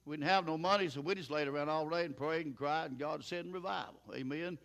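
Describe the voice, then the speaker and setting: A man's voice: fairly high pitch, fast talker, gravelly, a bit bright. An older man preaching a sermon in a folksy, plain-spoken way, chuckling now and then.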